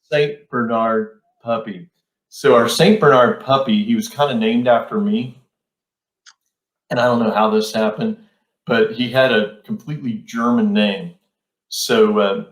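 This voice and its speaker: A middle-aged man hosting a casual storytelling chat, laid-back and rambling with plenty of fillers. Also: medium pitch. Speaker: podcast host. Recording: roomy echo.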